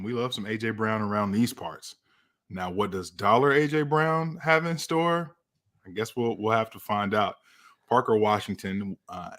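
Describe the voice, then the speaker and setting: A man's voice: lowish voice, a bit bright. A man steering a podcast chat who teases his co-hosts and hands off questions. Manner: playful, teasing, hands off questions. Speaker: podcast co-host, moderator. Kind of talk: casual podcast banter.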